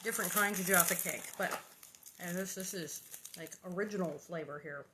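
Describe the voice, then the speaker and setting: A woman's voice: fairly low pitch, brisk, noisy background. A woman chatting casually and reading a children's novel aloud, rambling and playful with many asides.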